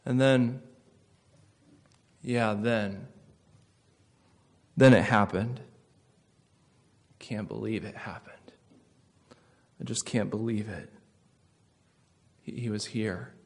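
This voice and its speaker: Preacher playing a grieving male disciple: wistful, then hushed and disbelieving. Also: medium pitch, unhurried, pauses often. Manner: swings from excited remembering to hushed whisper.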